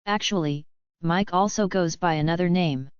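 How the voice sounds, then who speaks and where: A woman's voice: on the low side, normal speed, smooth, no room sound, close to an everyday voice. A woman voicing a cheerful, knowing female guide in an audiobook, in a dull, dry recording. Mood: friendly.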